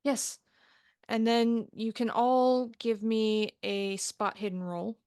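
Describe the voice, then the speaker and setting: A woman narrating a tabletop horror game as its game master, measured and descriptive. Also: a little high, a little mellow, smooth, dry recording, studio quality.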